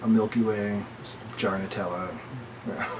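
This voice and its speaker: A man casually retelling a movie plot, with lots of "like" fillers, and he jumps into high voices to quote the characters. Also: flat delivery, moderate pace, far from the mic, noisy background. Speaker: movie reviewer.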